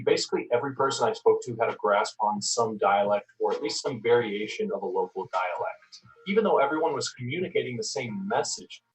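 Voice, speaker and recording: Young man from Texas, casual explainer narration, mid pitch, a bit off-mic. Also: distant mic, rough recording. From United States, Texas. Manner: explanatory, conversational with fillers like "like". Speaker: video narrator, student of Chinese. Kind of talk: documentary voice-over narration.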